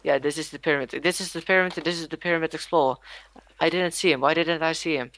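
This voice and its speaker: A young man in casual game commentary, excitable, exclaiming and swearing at the game. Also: fairly high pitch, quick pace. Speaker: gamer.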